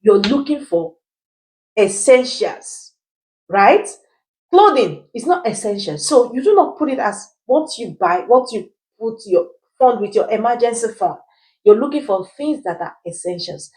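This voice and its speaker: A woman's voice: a little high, big pitch swings, moderate pace, darkish tone, poor audio. A woman teaching personal finance who asks rhetorical questions and answers them herself, checking in with her listeners as she goes. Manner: keeps checking in with "right?". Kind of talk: explainer video.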